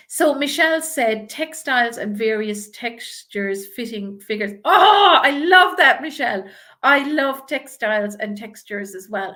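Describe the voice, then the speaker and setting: A woman's voice: medium pitch, fairly bright tone. A woman with a strong Irish accent from Ireland, coaching viewers live and reading out their comments. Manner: encouraging, reads out viewer comments. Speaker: image coach.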